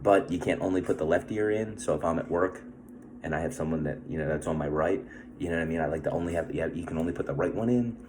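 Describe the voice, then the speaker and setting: A man's voice: sits low, fast, a little mellow, slight background noise. A man talking in a casual, rambling vlog monologue, swearing often and tagging sentences with questions. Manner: rambling, profane, constant tag questions. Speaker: vlogger.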